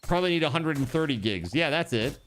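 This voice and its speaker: A man streaming a game live, chatting casually with his viewers and thinking out loud. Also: on the high side, expressive, quick pace, slight background noise. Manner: chatty, talks to chat, trails off and restarts. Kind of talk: casual live-stream chat while gaming.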